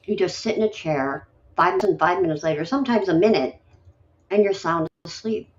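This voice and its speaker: A woman's voice: on the low side, moderate pace, dull audio, slight background noise. A woman hosting a late-night poetry stream, chatting casually in a rambling, grumbly, self-deprecating way. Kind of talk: casual chat.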